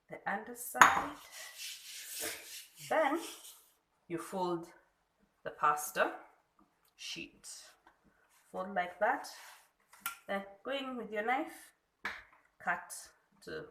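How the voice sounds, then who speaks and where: A Kenyan woman gives a slow, step-by-step cooking lesson in a home kitchen. Her voice is bright and a little low-pitched. The room is echoey, with faint clatter of pots and dishes. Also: animated, slight background noise. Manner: unhurried, demonstrating step by step. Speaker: food blogger. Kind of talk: cooking tutorial.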